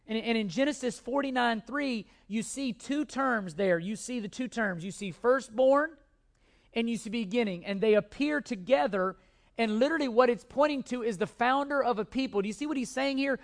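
A man's voice: extremely high pitch, creaky. Male pastor, emphatic sermon delivery, repeats key words for weight. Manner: emphatic preaching with repeated phrases and restarts.

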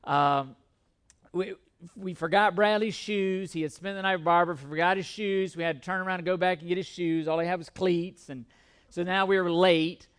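A middle-aged male pastor preaching a sermon, telling a self-deprecating personal story with animated, humorous delivery before turning to scripture. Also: high-pitched, moderate pace, smooth.

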